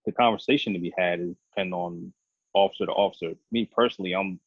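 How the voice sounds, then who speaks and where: Low husky man on a tinny line. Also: steady tone, fast talker, dry recording. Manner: earnest, rambling explanations full of restarts. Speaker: police officer and podcast co-host. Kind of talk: casual podcast discussion. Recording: dry, tinny phone-like line.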